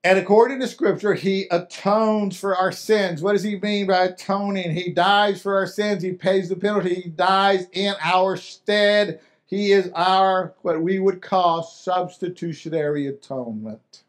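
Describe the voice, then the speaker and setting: High-voiced man preaching with emphatic swings. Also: fairly even intonation, a little slow. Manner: repetitive, emphatic preaching with many restarts; swings between loud and soft, acting out quotes. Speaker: pastor. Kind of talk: sermon.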